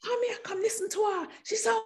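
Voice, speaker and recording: A woman voicing a crowd of excited young schoolchildren with a Jamaican accent, shrill and exclaiming. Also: brisk. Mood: excited teasing.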